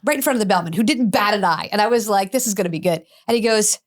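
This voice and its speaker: A woman's voice: medium pitch, very fast, few pauses. A middle-aged woman, an addiction specialist, telling a story in an interview, acting out both sides of the dialogue with blunt, cursing energy.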